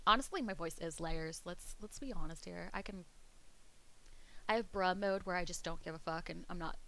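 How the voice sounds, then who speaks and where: A woman's voice: lowish voice, moderate pace, fairly bright tone. A young East Coast woman streams and talks straight to her chat in a loose, rambling way. Her Pennsylvania-tinged East Coast accent comes through, she laughs often, and she swears without a second thought. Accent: East Coast American, Pennsylvania. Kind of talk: casual chat to viewers.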